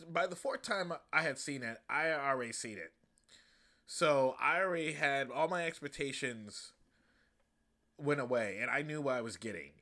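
A man hosting a podcast, reviewing a movie in a loose, profane, animated way. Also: a little high. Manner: loose, profane and animated, acting out quoted lines. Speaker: podcast host. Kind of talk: casual comedic movie review.

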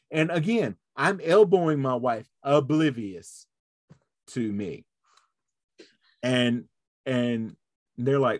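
A man's voice: mid-range voice, lively intonation, measured pace, darkish tone, no echo, studio quality. A man hosting a podcast, telling a story in casual chat and acting out the voices of the people in it. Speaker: podcast host.

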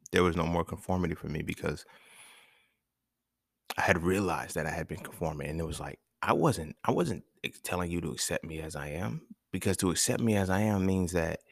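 Young male podcast host, deep gravelly voice, dry close sound, loose profane storytelling. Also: a bit bright, dry recording. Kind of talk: casual monologue.

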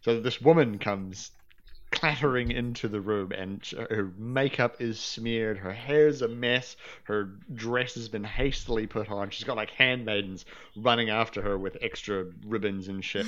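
A woman narrating as game master in a relaxed, chatty way. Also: very deep voice, measured pace, lo-fi sound.

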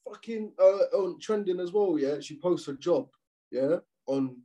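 A young man, co-hosting a podcast in casual, slangy chat full of swearing and animated rants. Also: sits high, unhurried, muffled recording. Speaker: podcast co-host.

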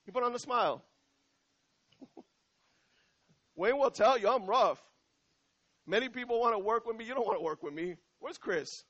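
High-voiced male pastor preaching casually. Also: lively intonation, fairly bright tone, highs cut off. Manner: conversational preaching, repeats lines slowly for emphasis. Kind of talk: sermon. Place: church.

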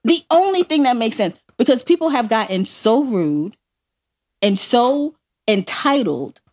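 A woman's voice: on the high side, unhurried. Woman, New York accent, podcast co-host, emphatic, casual rant. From New York, Harlem. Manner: animated, emphatic ranting. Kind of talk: casual chat.

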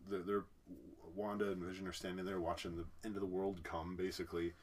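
Deep-voiced male podcast host, animated, casual, acts out quotes. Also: a little fast. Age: adult parent. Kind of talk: casual discussion of a TV series.

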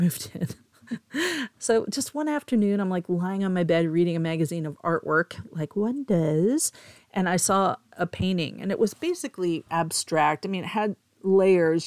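A woman's voice: on the low side, no room sound, clean studio sound. A middle-aged woman, hosting a podcast and telling a candid, emotional personal story in a monologue. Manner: candid, emotional, with soft laughs. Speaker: podcast host, tarot and astrology reader.

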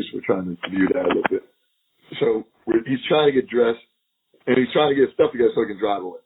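A husky, mid-pitched man in middle age tells his story with plenty of laughs and acted-out quotes. His voice comes through a thin, tinny phone-like line, so it sounds narrow and compressed. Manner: animated, laughing storyteller who acts out quotes. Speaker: retired FBI agent, podcast guest. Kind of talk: storytelling interview.

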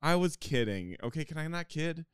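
A man in casual, profane podcast banter, teasing and quickly backpedaling with laughs. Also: a little high, very animated, clean tone, no echo, studio quality.

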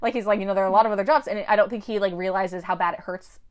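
A woman co-hosting a casual chat, animated and fond of quoting characters in shifting voices. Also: medium pitch, rapid-fire. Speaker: podcast co-host.

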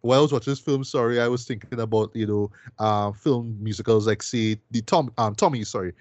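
A man's voice: mid-range voice, fairly quick, a little mellow, no room sound, highs cut off. A man casually reviewing a film, rambling with repeated words and fillers and tacking "boy" and "right?" onto his sentences. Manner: peppers speech with "boy" and "right?". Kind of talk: casual podcast chat.

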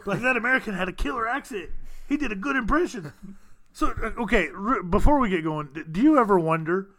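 Casting: high, bright-voiced man, podcast host, loose rambling delivery with laughs. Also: lively intonation, quick pace. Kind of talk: casual chat.

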